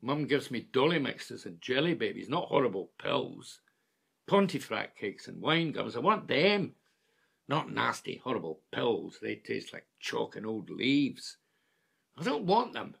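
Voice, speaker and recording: Casting: a man as an older brother with dementia, childlike and pleading, gravelly husky voice with wide swings of pitch. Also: sing-song, a little slow, fairly bright tone, full character voice. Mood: stubborn. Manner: childlike pleading, repeats words. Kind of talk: stage drama acting.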